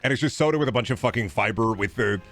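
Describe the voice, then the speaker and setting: A man's voice: medium pitch, fast talker, fairly bright tone, no room sound. A young man streaming, rambling jokily and swearing in casual chat. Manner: jokey, profane, slips into silly put-on voices.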